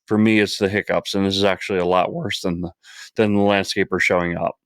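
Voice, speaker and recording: A man's voice: deep voice, flat delivery, fast talker, clear, resonant tone, dry recording, studio quality. A man co-hosting a podcast with the hiccups, chatting in an easygoing, joking way. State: has the hiccups. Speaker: podcast co-host. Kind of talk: casual podcast chat.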